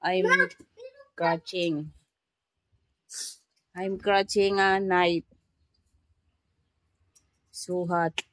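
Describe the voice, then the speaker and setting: Overheated and worn down by the heat, a Filipino woman records a casual vlog from a simple rural home in the tropics, speaking broken English in an emotional, plaintive way. Her lowish voice keeps a level tone, moving very slowly with long pauses. There's no room sound, and the recording is rough.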